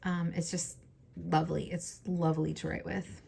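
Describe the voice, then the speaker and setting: Woman, low, gravelly and hoarse, chatty and enthusiastic, faint hiss behind. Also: level tone, moderate pace, darkish tone. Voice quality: scratchy, hoarse voice. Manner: chatty, enthusiastic, many fillers. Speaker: fountain pen vlogger. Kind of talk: casual show-and-tell.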